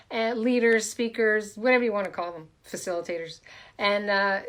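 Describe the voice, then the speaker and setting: A woman hosting a live stream as a coach, talking casually and warmly greeting viewers by name with repeated welcomes. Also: on the high side. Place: home, in a room.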